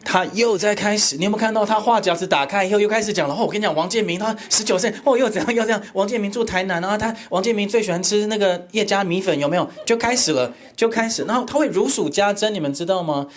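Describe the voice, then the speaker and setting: Give me a man with a Taiwanese accent lecturing teachers, animated and joking, mixing Mandarin and English. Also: high-pitched, fast, few pauses. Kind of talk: workshop lecture.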